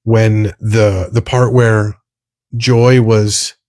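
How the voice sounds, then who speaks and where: A man's voice: lowish voice, flat delivery, drawn-out words, darkish tone, no echo, studio quality. A man co-hosting a podcast in casual chat, rambling and searching for words as he talks. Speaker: podcast co-host.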